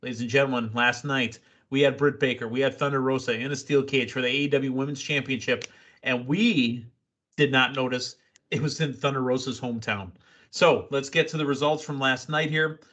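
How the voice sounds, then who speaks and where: A man hosting a casual wrestling recap podcast, excitable and quick with asides and laughs. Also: medium pitch. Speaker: podcast host.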